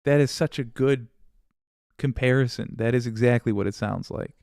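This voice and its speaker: Gravelly-voiced man chatting on a livestream. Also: mid-range voice, normal speed, a little mellow, dry recording, studio quality. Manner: rambling, sarcastic, swears freely, laughs often. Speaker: political livestream host. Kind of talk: casual livestream chat reading viewer comments.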